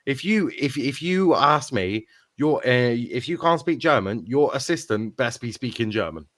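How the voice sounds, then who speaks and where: A man's voice: medium pitch, lively intonation, normal speed, a bit bright, dry recording. A man hosting a casual panel chat, rambling and jokey, swearing freely. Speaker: host.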